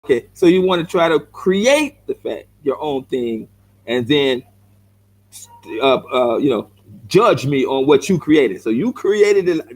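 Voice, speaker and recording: This is a rough recording of a middle-aged vlogger from South Central LA whose mid-range voice has a darkish tone. With his Los Angeles accent, he goes off on viewer comments directly to camera, blunt and confrontational, repeating himself and calling everyone "bro."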